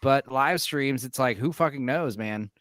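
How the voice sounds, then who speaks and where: A man's voice: mid-range voice, a little slow, fairly bright tone, no echo, studio quality. A man co-hosting a casual chat, tipsy, rambling with lots of fillers and swearing. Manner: rambling, filler-heavy and profane. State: tipsy from drinking.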